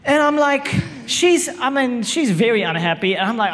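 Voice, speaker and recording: A man's voice: very high voice, lively intonation, moderate pace, a bit bright. Self-mocking man in a hall. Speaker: speaker sharing a marriage story. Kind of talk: humorous storytelling to an audience. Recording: echoey hall.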